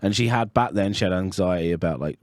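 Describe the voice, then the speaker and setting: A man's voice: low-pitched, quick pace, a little mellow, no echo, studio quality. A man co-hosting a podcast, telling rambling personal stories in casual chat. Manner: chatty, rambling storyteller with restarts. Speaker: podcast co-host.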